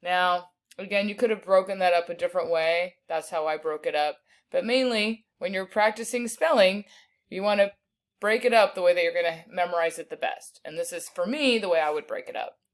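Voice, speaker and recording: Woman teacher walking thru spelling words, lowish voice, sounds out every word real slow. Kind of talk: recorded spelling lesson.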